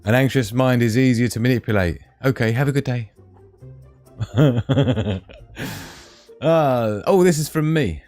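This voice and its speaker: A man's voice: medium pitch, lively intonation, takes it slowly, long pauses, darkish tone, dry recording, faint music behind. A middle-aged British man hosting a live stream, reading viewer comments aloud in a jokey, chatty way and laughing often. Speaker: livestream host.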